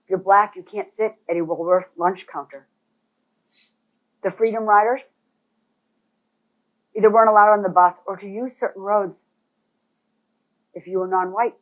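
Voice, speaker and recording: With a mid-range voice and moderate pace, this woman takes long pauses while leading a real estate boot camp. Her delivery is emphatic and animated, aimed right at those in the room, and the audio sounds thin, as if over a phone.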